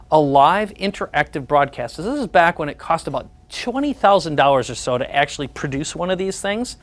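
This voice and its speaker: A man giving a sales presentation, telling personal stories and acting out the conversations in them. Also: fairly high pitch. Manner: storytelling, repeats the words of others in conversation.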